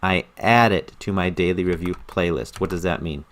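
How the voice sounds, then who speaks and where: Man, somewhat low voice, casual screen-recorded tutorial, earnest and enthusiastic, repeats words for emphasis. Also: moderate pace, fairly bright tone. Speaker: language learner explaining his study method.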